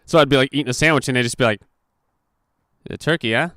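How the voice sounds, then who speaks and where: Racing through his story in a clear, resonant, mid-range voice, a young podcast host curses heavily and performs the quotes. The recording is clean studio sound with no echo.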